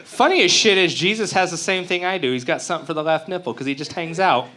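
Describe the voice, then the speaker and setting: A man's voice: a little high, fast, pushed and bright. A man from Utah doing a profane, brash stand-up comedy set at an open mic. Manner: crude, profane, brash joking. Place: open mic stage before a live crowd.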